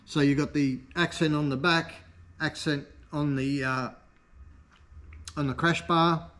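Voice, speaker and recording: Enthusiastic and relaxed, a man shows off products in a laid-back vlog for his motorcycle parts shop, pitching them salesman-style. His voice sits on the high side and sounds a bit bright.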